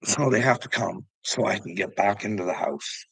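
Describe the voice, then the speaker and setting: Man, middle-aged, ranting vlog monologue, agitated, profane, gravelly, dry sound. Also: fairly low pitch, normal speed, fairly bright tone, dry recording, poor audio. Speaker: vlogger.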